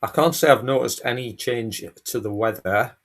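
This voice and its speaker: A man speaking as a guest on a chat show, hesitant and halting, with many fillers. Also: mid-range voice, a bit bright. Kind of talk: casual chat.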